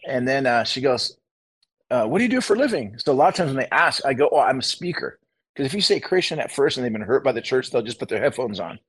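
A rapid-fire storyteller, this man rushes through his tale with a slightly husky edge to his voice. He jumps into quoted voices as he goes, animated and lively in casual talk. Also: mid-range voice. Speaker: guest minister.

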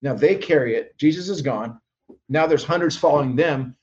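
A man's voice: fairly high pitch, normal speed, darkish tone, dull audio, a little hiss or hum. A man guest minister telling stories in an interview, acting out quoted voices with frequent restarts. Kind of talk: animated storytelling interview.

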